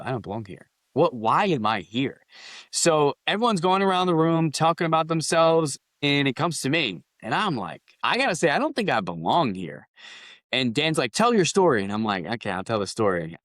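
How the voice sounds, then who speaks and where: A man's voice: mid-range voice, a bit bright, no room sound. A man, a company founder guest on a podcast, telling rambling anecdotes in a casual interview, with restarts and quoted dialogue.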